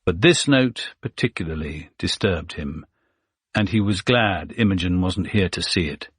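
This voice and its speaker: A man narrating a suspense thriller audiobook in a steady, measured way. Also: sits low, slightly rough, dry recording, studio quality.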